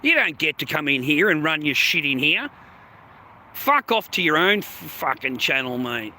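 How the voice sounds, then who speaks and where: Male live streamer, outdoors in the city, profane and mocking toward his chat; high, sharp voice. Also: very animated, moderate pace, slight background noise. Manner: profane, sarcastic, confrontational.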